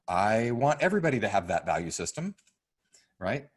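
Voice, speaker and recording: A man's voice: fairly low pitch, lively intonation, normal speed, breathy edge. A man teaching a course in a conversational way, with lots of fillers and "right?" checks. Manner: acts out quoted voices, loud and soft. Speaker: course instructor. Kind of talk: teaching a class.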